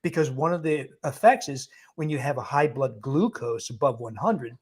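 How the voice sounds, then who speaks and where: A male physician guest in a live Q&A has a mid-range, slightly rough voice. He handles viewer questions briskly and emphatically, often chuckling and bluntly shooting down bad advice.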